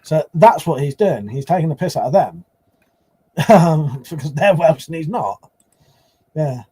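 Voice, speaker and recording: A man's voice: on the high side, expressive, unhurried, dark tone, breathy edge. A man hosting a casual live stream, rambling and swearing as he answers chat.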